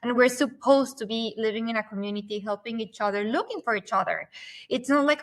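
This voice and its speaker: A woman, a podcast guest who talks fast and at length in animated conversation. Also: a little high.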